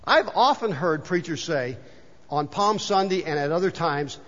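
A man preaching a Sunday sermon as pastor, animated and then quietly emphatic. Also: a little high, moderate pace. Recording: muffled hall reverb.

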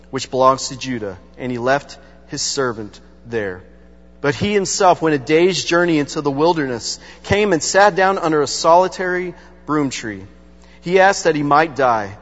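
A man's voice: on the high side, a bit bright. A man preaching a sermon, reading scripture aloud and then retelling it in casual, everyday speech. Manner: reads scripture then paraphrases in casual voices. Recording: long hall reverb, dull lo-fi sound.

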